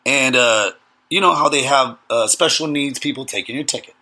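A man's voice: mid-range voice, moderate pace, bright, forceful tone. A man, co-hosting a casual podcast chat and telling crude, joking stories. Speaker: podcast co-host.

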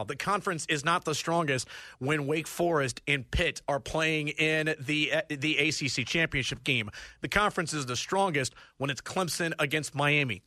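Bright-voiced male sports co-host. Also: fairly high pitch, no echo, studio quality. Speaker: sports talk show co-host. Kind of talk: conversational sports commentary.

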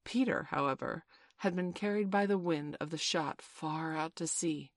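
A woman reads a classic storybook aloud in a measured, expressive way. Her voice is low, and the sound is close and dry with no room echo. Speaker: audiobook narrator. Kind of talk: scripted storybook narration.

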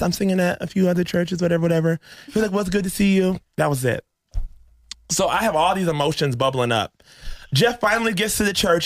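A man hosting a casual faith podcast, telling an emotional story and acting out the dialogue with lively energy. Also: a little high, vocal fry, no room sound, clean studio sound. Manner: emotional, animated storyteller who acts out dialogue. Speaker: podcast host.

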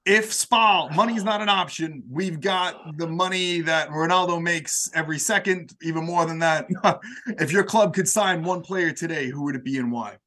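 A man's voice: a little high, normal speed, pushed and bright. A man hosting a casual interview, asking rambling questions full of fillers. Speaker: podcast host.

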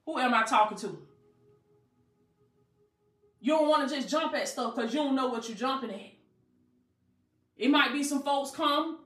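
A woman's voice: high-pitched, unhurried, pauses often, a bit bright, roomy sound, soft background music. A woman coach preaching motivationally, emphatic and colloquial, with call-and-response phrasing. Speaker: life coach.

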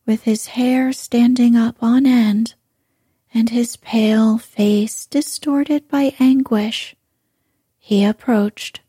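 Slow, hushed woman reading a bedtime story. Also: fairly high pitch, fairly even intonation, dry recording, clean studio sound. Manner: slow, hushed, breathy delivery. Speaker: sleep story narrator.

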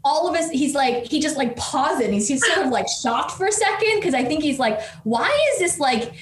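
Higher-voiced woman telling a story. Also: fairly quick, roomy sound, slight background noise. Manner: lively anecdote full of "like" and restarts. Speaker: entrepreneurship researcher, guest. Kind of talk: storytelling in conversation.

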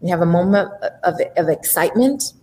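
A woman's voice: fairly low pitch, a little fast. A woman speaking as a life coach and entrepreneur, giving an emphatic motivational talk and acting out the voices in people's heads. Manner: animated, emphatic, acts out inner voices.

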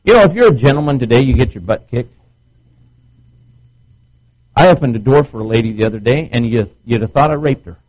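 A man's voice: medium pitch, animated, a little fast, long pauses, darkish tone, breathy edge, highs cut off. A middle-aged male pastor preaching a sermon at a marriage retreat, acting out quoted voices as he goes. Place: marriage retreat meeting room.

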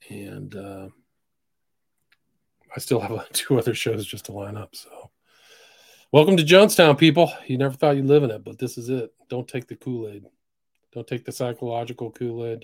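A man of middle pitch hosts a solo podcast, reading posts aloud in a mostly flat delivery. He breaks into sudden loud, emphatic bursts. The sound is dry and close, with no room around it. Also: dry recording. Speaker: podcast host.

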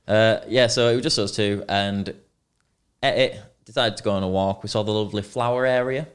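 A man's voice: fairly low pitch, fairly even intonation, brisk, smooth. A young man telling a rambling, sweary story in casual chat as a podcast co-host.

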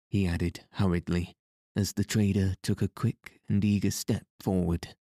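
A man narrating a classic novel in a measured, even reading. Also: low-pitched, dry recording, studio quality. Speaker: audiobook narrator. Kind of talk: scripted narration.

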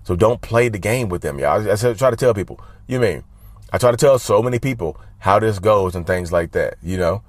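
A man with a lowish, expressive voice talks briskly and casually to camera as an advice vlogger, with no room sound. He gives his viewers emphatic, repetitive advice and keeps calling them y'all.

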